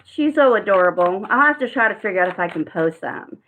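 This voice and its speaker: A woman's voice: mid-range voice, animated, brisk, slight background noise. A woman reading tarot cards in a casual live-stream chat, talking in a rambling way with frequent fillers. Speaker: tarot card reader. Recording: tinny phone-like sound.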